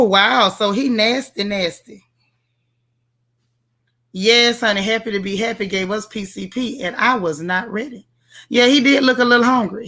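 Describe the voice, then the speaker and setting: Sassy bright-voiced woman livestreamer. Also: medium pitch. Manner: sassy, playful, talks straight to her audience. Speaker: livestream host reviewing a TV show. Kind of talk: casual livestream chat, reading viewer comments.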